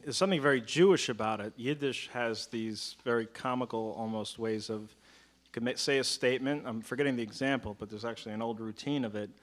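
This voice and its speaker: A man chatting casually as a conversation partner, lively and quick, acting out stressed words to make his point. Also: medium pitch. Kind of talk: casual chat.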